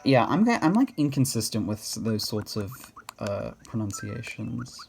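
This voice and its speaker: A man's voice: on the low side, big pitch swings, moderate pace, gravelly, a little mellow, faint music behind. An Australian man chatting casually over gameplay, rambling and self-correcting with laughs. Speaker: gaming video host.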